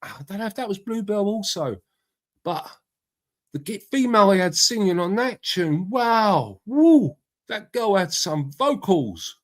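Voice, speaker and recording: A man's voice: high voice, expressive, normal speed, a bit bright. Middle-aged man, casual live-stream host, rambling, matey, swears. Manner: chatty, rambling, swears freely, greets viewers by name. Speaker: livestream host. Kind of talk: casual live-stream chat reading out comments.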